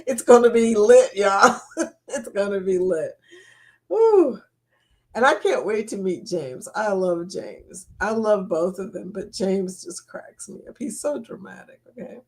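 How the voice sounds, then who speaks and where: A woman's voice: medium pitch, lively intonation, unhurried. A woman hosting a casual live stream from her laptop, chatting to viewers by name and laughing often. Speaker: livestream host. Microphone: laptop mic.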